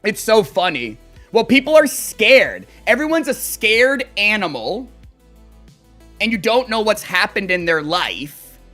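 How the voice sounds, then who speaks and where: A man streaming as he plays a game, chatting casually and telling rambling, profane stories. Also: high voice. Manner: animated, profane, rambling storytelling. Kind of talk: casual chat while gaming.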